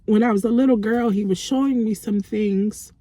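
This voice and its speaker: A woman vlogger telling a personal faith testimony in a halting, reflective way, with frequent restarts. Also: medium pitch, fairly even intonation, dark tone, dry recording.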